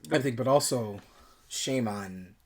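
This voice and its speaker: A man co-hosting a casual film podcast, speaking at an average pitch for a man. He rambles a little, drifting between personal asides and the plot, and fills gaps with easy verbal fillers. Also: slow pace. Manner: chatty, loose, trails off with fillers. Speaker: podcast co-host. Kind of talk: casual movie review chat.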